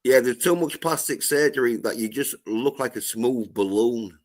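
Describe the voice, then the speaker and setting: A man co-hosting a casual podcast, talking haltingly and swearing constantly. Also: mid-range voice. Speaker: podcast co-host. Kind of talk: casual crude banter.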